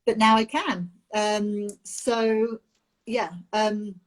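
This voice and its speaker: A young adult woman, a nanny, talking candidly about a personal experience with many pauses and restarts over a video call. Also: mid-range voice, steady tone. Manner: open, halting, with many ums and restarts. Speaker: nanny sharing her IVF experience.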